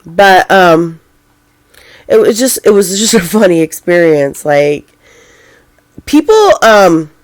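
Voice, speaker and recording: A woman's voice: lowish voice, no room sound. A middle-aged woman chatting casually to the camera in a vlog, rambling and full of fillers, often poking fun at herself. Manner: rambling, filler-heavy, self-deprecating. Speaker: vlogger.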